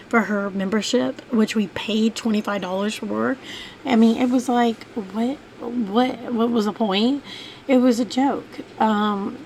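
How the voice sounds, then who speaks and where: A woman's voice: on the high side, darkish tone, a little hiss or hum, poor audio. A woman telling a long, rambling personal story as a mother in a casual vlog, with many fillers and restarts. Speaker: vlogger, mother.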